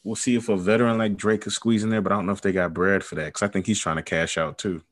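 Man, deep low voice, easygoing podcast co-host, hesitant, filler-heavy. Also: fairly even intonation, fast talker. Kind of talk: casual fantasy football chat.

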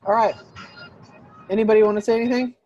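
A woman's voice: a little high, fast, lo-fi sound, faint music behind. A woman hosting a group video call, telling a story in a rambling, casual way full of fillers. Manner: rambling, filler-heavy, animated retelling.

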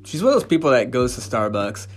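A man's voice: mid-range voice, big pitch swings, fast talker, soft background music. A man ranting casually as a podcast host, swearing and stumbling over restarts and fillers. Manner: profane, stammering restarts and fillers. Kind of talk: casual opinion rant.

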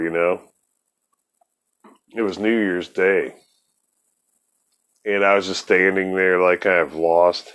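A man with a fairly low voice tells a loose, wandering story, swearing freely and chuckling along the way. The talk is relaxed and unpolished. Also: clear, resonant tone. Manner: rambling, profane, laughs often. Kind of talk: casual storytelling.

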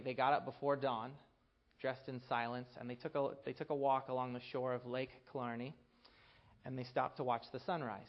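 A man preaching a sermon, earnest, building to emphatic peaks and dropping to a hushed voice to tell a story. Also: mid-range voice, muffled recording.

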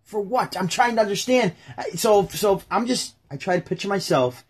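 A man's voice: high voice, lively intonation, normal speed, slightly rough. A man who hosts his own channel reads scripture aloud and comments on it, rambling and joking as he talks straight to his viewers. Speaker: YouTuber and podcaster. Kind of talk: casual Bible reading and commentary.

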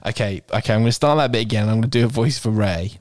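A man's voice: on the low side, very fast, darkish tone, dry recording. A man hosting a podcast, reading fan fiction aloud for laughs with irreverent, sweary, amused asides. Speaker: podcast host.

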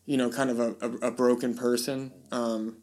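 A man's voice: medium pitch, flat delivery, normal speed, darkish tone. A man hosting a podcast, chatting casually and rambling, with lots of fillers and restarts. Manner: puts on voices when quoting people. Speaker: podcast host. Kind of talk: casual chat.

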